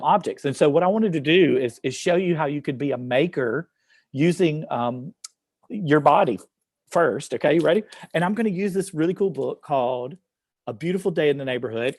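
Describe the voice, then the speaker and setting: This man's voice is on the high side and a little mellow, captured in studio quality with no echo. He's an upbeat teacher reading a poem to an online class from an office, encouraging students and using many fillers.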